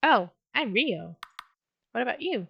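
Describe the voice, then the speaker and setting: A woman's voice: on the high side, very animated, measured pace, gravelly, husky, muffled recording, full character voice. A woman voicing a young scarecrow boy who sounds shy, earnest and a little hesitant.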